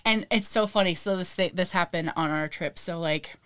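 Young woman, podcast co-host, casual chat, animated storyteller, laughs a lot. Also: lowish voice, moderate pace, clean tone.

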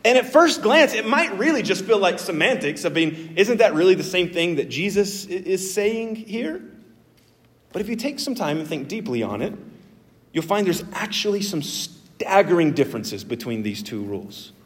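A male pastor delivering a sermon with earnest, animated emphasis. His voice sits slightly high for a man. The recording carries a long reverb from a church sanctuary. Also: moderate pace. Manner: earnest, animated preaching with emphatic pitch jumps.

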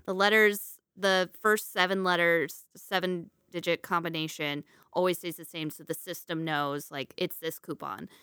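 A woman with a bright, sharp voice tells a restaurant story in a relaxed chat. She laughs often and acts out each person she quotes. The sound is close and dry. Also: lowish voice, moderate pace, few pauses, smooth, no room sound.

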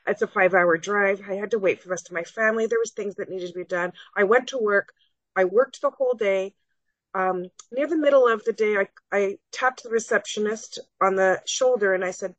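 A woman's voice: medium pitch, steady tone, fairly quick. A middle-aged woman tells a personal story as a podcast guest. She speaks earnestly and acts out the conversations she describes in her own voice. The sound is muffled and dry, with no room echo. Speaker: guest, salon owner. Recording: dull, dry lo-fi recording.

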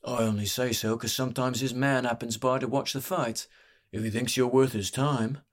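A man's voice: mid-range voice, steady tone, normal speed, voice pushed up, lightly acted. A man voicing a weary, pot-bellied old barkeep who talks in a growling, slangy, wheedling way. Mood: gruff.

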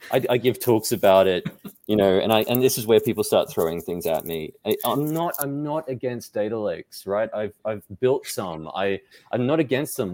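A man talking about data as a podcast guest, energetic and quick to act out his own reactions, often restarting his sentences. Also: lowish voice, no room sound. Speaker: data management guest speaker. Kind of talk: animated podcast conversation.

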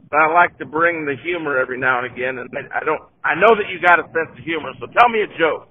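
A man's voice: fairly high pitch, fast talker, few pauses, husky. A man hosting a podcast, chatting casually and plainly with a guest over a phone line, using folksy comparisons. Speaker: podcast host. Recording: tinny phone line with faint noise.

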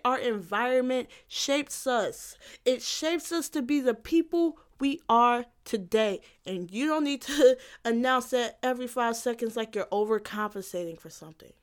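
A young woman hosting a solo podcast, ranting bluntly with profanity, repeating her points and laughing at herself. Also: a little high. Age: young adult. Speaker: podcast host. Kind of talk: casual solo podcast rant.

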